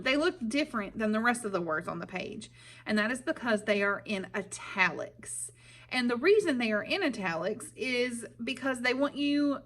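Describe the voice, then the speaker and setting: A woman teacher reading a chapter aloud to her pupils, then explaining it in a clear, patient way and checking in with them often. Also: fairly high pitch, sharp tone.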